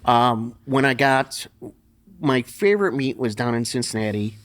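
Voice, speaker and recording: A man's voice: medium pitch, unhurried, a bit bright. Middle-aged man, podcast guest, salty and blunt storyteller, easy laugh, everyday mid-range voice. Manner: profane, blunt, laughs through his stories. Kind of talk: casual storytelling interview.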